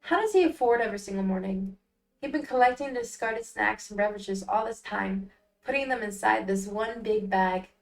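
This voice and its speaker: A woman's voice: mid-range voice, moderate pace, gravelly, echoey room, distant mic, rough recording. A young adult woman streaming a story game, reading narration aloud and making playful, dramatic asides.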